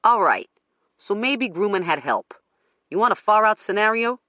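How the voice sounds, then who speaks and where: A man's voice: high-pitched, sing-song, moderate pace, pushed and bright, dry recording, highs cut off, pitched above the performer's own voice, full character voice. An audiobook reader voicing a blunt male police detective who asks short, clipped questions.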